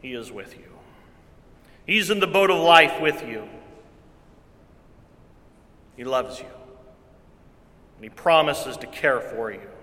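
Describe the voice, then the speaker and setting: Male pastor, sermon, bright tone, slightly high voice, repeats key lines, long church reverb. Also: animated, slow, long pauses. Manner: earnest preaching with repeated phrases, swings from loud to hushed.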